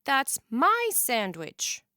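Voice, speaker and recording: A woman voicing a cheerful young boy who is quick to frustration, bouncing between bright chatter and sharp, shouted protests in a children's storybook reading. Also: fairly high pitch, huge pitch swings, no echo, clean studio sound, heavily acted. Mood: upset.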